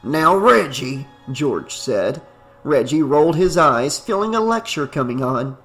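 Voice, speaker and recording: A man narrating a novel in a steady, even reading voice. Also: a little high, unhurried, soft background music. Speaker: audiobook narrator. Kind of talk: scripted narration.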